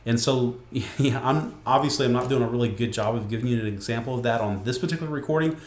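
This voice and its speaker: Speaking quickly in a mid-range voice, a male webcasting instructor walks through a loose tutorial at his home desk by a window, stumbling into fillers and starting over often. The computer screen recording picks up an echoey room.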